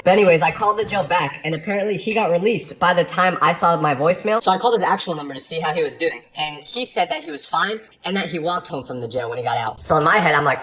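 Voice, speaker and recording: A man telling funny first-person stories with an animated, exasperated comic delivery. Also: high-pitched, fast, hardly any pauses. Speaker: storyteller. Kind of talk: comedic first-person storytelling.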